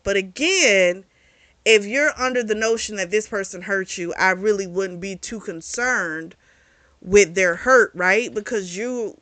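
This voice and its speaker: Woman, casual book review, frank and chatty, mid pitch, swears freely. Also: a bit bright. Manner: chatty and frank, swears freely, laughs at her own asides.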